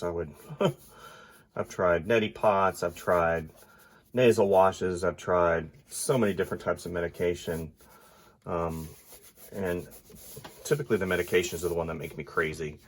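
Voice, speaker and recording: Congested male artist, husky and low-pitched, casually narrating his drawing with mumbled asides. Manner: thinks aloud while drawing, often trailing into quiet mumbles. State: congested, stuffy nose.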